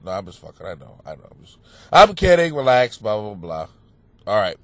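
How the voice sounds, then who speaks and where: A man hosting a comedy advice podcast, stuffed up and sniffling, rambling crudely and mocking himself with sudden loud outbursts, recorded in a home basement. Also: on the low side, huge pitch swings, brisk, no echo. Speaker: podcast host giving advice.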